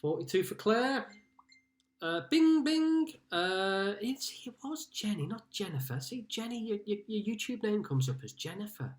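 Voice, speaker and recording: Reading out scores and saying hello to players by name, a man from Liverpool runs a relaxed live-streamed pub quiz from his home. His voice sits high, with lively intonation at a normal speed.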